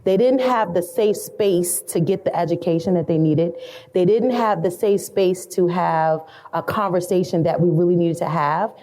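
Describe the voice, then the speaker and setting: A woman's voice: on the low side, normal speed, dark tone. A middle-aged woman, a salon educator, speaking earnestly and reflectively as a podcast guest, building her points through repeated phrases. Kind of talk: storytelling podcast interview.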